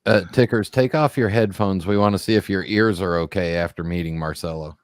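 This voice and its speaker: A man's voice: sits low, fairly even intonation, brisk, no echo. A man chatting as a regular co-host on a live stream, dry and teasing. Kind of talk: casual live-stream chat.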